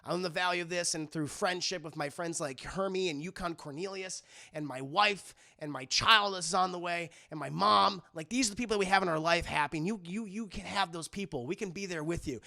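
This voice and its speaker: A man's voice: high-pitched, a little fast, vocal fry, few pauses, sharp tone, exaggerated voice. A man voicing a friendly young male reindeer who gives rambling, earnest pep talks with swearing.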